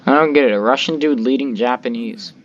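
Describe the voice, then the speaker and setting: Speaking fast at a medium pitch, a man rambles through casual let's-play commentary into a desk microphone, full of filler words and mild cursing. The audio is lo-fi with slight background noise.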